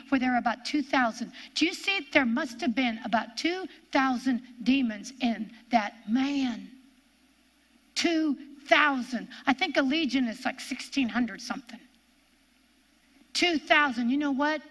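Emphatic high-voiced preacher woman from Ohio. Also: expressive, normal speed. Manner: emphatic, swings from loud commands to low hushed tones. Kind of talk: sermon.

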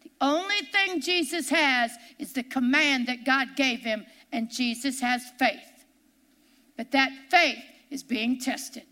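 A woman pastor preaching a sermon in a church, repeating her lines and slowing down to cry out the verses she reads. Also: high-pitched. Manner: impassioned preaching, repeats lines, slows and shouts on scripture.

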